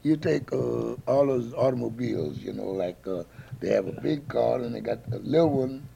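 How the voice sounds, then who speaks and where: A man's voice: mid-range voice, moderate pace, dark tone, slight background noise. A man, a touring musician, chatting casually and telling rambling, profane stories with lots of laughter. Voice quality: gravelly. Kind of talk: casual chat.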